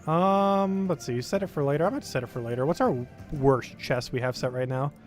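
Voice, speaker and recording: A man's voice: fairly high pitch, fairly quick, a little mellow, faint music behind. A young man live-streaming a game, giving casual, rambling commentary full of filler words.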